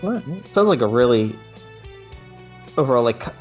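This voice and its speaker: A man's voice: medium pitch, normal speed, soft background music. A young adult man co-hosting a casual anime podcast, reacting and asking his co-host questions. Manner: relaxed, asks questions and reacts.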